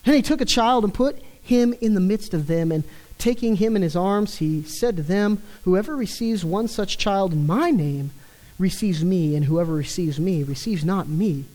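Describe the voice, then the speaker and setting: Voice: mid-range voice, mellow, poor audio. Emphatic preacher in an expository sermon. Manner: emphatic, repeats words when stressing a point; slows down on key phrases of scripture.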